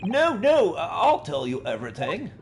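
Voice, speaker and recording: A man dubbing a game live, voicing a confused young man in a high, startled voice. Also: very animated, takes it slowly, background noise, heavily acted. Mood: panicked.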